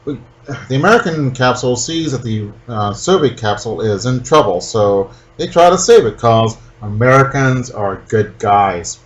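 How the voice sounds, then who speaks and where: A man's voice: mid-range voice, animated, moderate pace, dull audio, a little hiss or hum. A man co-hosting a podcast in casual chat, summing up the action with wry, joking asides. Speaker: podcast co-host.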